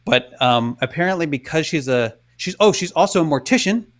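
A man co-hosting a podcast, telling a story in casual chat and acting out quotes with hushed asides. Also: on the high side, lively intonation, brisk. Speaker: podcast co-host.

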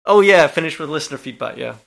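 A man's voice: fairly high pitch, lively intonation, fast, vocal fry. A man co-hosting a casual podcast, giggling often through playful banter. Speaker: podcast co-host.

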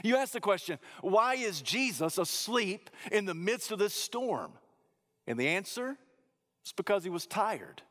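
A man preaching a sermon, rising to loud emphatic peaks and dropping to low, hushed phrases. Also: big pitch swings, a little slow, long reverb tail.

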